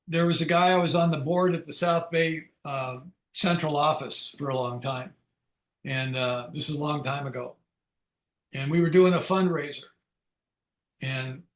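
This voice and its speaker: A man's voice: on the high side, a bit bright. Candid older man, echoey room. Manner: candid storytelling, acts out quoted dialogue. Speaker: AA speaker leading a Big Book study. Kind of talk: personal recovery talk.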